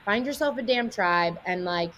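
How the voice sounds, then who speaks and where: A woman's voice: mid-range voice, animated, moderate pace, fairly bright tone, lo-fi sound, slight background noise. A woman in her thirties, a guest on a podcast, talking frankly and earnestly about parenting, often slipping into what she tells her kids. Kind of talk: casual podcast conversation.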